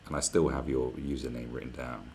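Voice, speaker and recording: A man's voice: rumbling low, little pitch movement, a little fast, darkish tone, slight background noise. A man chatting live on his stream, rambling and swearing freely as he reads out messages from viewers. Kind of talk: casual livestream chat. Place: where he is staying, not his home.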